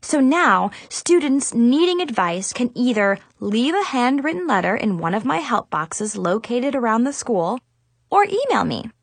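A young woman narrating a story in a lively, expressive reading style. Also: a little high, a little slow, no echo. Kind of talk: scripted audiobook narration.

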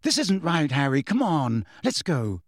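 A man voicing an anxious, insistent teenage girl in a high-pitched, strained voice. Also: sing-song, unhurried, no echo, clean studio sound, full character voice. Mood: scared, urging.

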